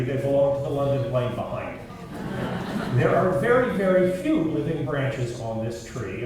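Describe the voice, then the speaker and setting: A man's voice: mid-range voice, noisy background. A man, an author giving a public talk and reading from his book, speaking thoughtfully with some fillers. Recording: echoey hall, mic far off.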